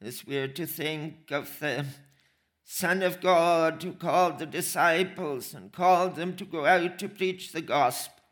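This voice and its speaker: A man preaching a sermon, slow and emphatic, repeating phrases for weight. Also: a little high, fairly bright tone.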